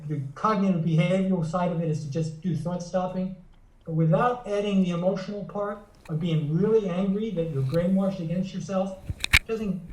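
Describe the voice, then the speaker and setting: A man's voice: sits high, a little mellow, distant mic. A psychotherapist and author, a man, explaining things earnestly in an interview, often stopping to restart a phrase. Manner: earnest, teaching tone with frequent restarts. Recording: echoey room, voice away from the mic.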